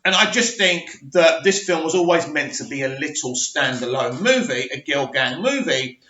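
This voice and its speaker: Guy ranting about movies, high sharp voice, echoey dull lo-fi room. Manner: ranting, emphatic, with frequent restarts. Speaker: movie commentary host. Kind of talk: opinionated movie news vlog.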